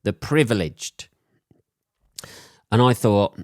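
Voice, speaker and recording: A man's voice: low voice, a little slow, no echo, clean studio sound. A man with a sore throat from a cold, hosting a solo podcast and rambling in crude, profane jokes. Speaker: podcast host.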